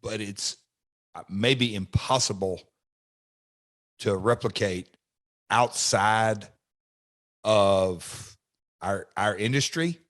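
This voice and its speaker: A middle-aged man with a fairly low voice hosts a podcast, recalling backstage life in a reflective, halting manner. He talks casually. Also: a bit bright. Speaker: podcast host and wrestler.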